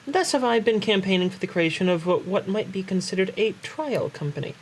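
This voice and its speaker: A man's voice: high voice, brisk, slight background noise, poor audio. A man reading game dialogue aloud as an earnest, formal young male statesman, in a mock-solemn way.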